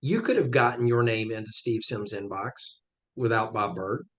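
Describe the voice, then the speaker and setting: A man's voice: fairly low pitch, animated, normal speed. A man, a guest on a podcast interview, explaining his points emphatically with step-by-step examples.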